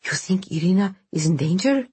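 Lady doing a peevish scared mom, harsh, husky voice. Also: fairly low pitch, lively intonation, moderate pace, a little mellow, pitched above the performer's own voice. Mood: fearful. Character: peevish fearful mother, ruthless for her daughter.

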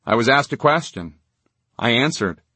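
A man's voice: mid-range voice, lively intonation, normal speed, sharp tone, husky, no echo, exaggerated voice. A man voicing an embattled male congressman who speaks tensely and bluntly.

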